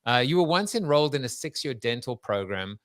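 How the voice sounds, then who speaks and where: A man's voice: mid-range voice, expressive, fairly quick, fairly bright tone. A male podcast host in loose, joking conversation, wandering through his setups with lots of "uh" and "um" before landing the punchline. His voice sits in the middle range, recorded dry and close with almost no room echo. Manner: rambling, jokey, with fillers and restarts. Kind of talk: conversational interview.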